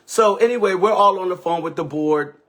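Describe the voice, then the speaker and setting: A man on a livestream, telling a dramatic story in a casual, profane way, swinging between loud outbursts and hushed asides. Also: high voice, fairly quick.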